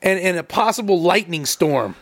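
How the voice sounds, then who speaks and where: Man from Florida, high voice, animated storytelling podcast co-host. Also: normal speed. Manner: animated storyteller, swears casually. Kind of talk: casual podcast chat.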